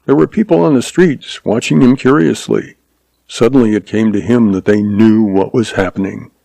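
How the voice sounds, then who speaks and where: A man reads a western story aloud in a low, dark, mellow voice. His delivery is measured and dramatic, and the recording is dry and close, with no room sound. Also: gravelly, dry recording, low-quality recording. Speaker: narrator. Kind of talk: scripted narration of a western story.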